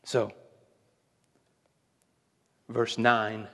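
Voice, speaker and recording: A man preaching a sermon to a congregation, telling stories with lively acted-out quotes and frequent laughs. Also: fairly low pitch, drawn-out words. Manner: animated storytelling, acts out quotes, laughs often. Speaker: pastor. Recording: preached in a reverberant hall.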